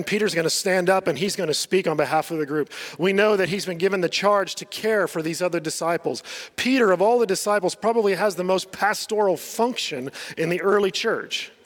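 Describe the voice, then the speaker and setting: A man's voice: sits high, a bit bright, long reverb tail. A male pastor preaching a sermon in a conversational way, laughing often and acting out the quotes he tells.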